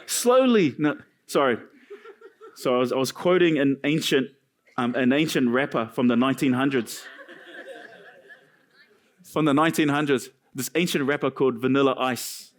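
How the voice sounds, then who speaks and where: A male pastor preaching a sermon in a church, animated and joking between points. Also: medium pitch, unhurried, long pauses. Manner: animated preaching with jokes and asides.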